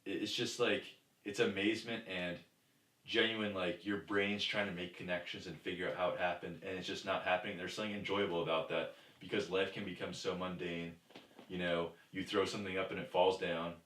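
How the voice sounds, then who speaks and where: A man's voice: low-pitched, level tone, a little fast, a bit bright. A young man co-hosting a casual podcast chat, joking and teasing his friends. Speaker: podcast co-host. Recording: echoey room, mic at a distance, faint noise.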